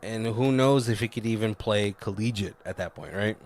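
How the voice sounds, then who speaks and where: A man's voice: lowish voice, moderate pace, a little mellow, slight background noise. Laughing casual male podcast co-host. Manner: laughs often, retells scenes with loose impressions. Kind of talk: casual movie review chat.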